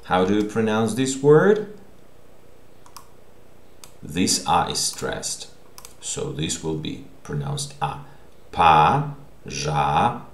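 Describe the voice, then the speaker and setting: A man teaching a language lesson, repeating words slowly and checking in with the listener. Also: deep voice, sing-song, creaky. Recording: echoey room.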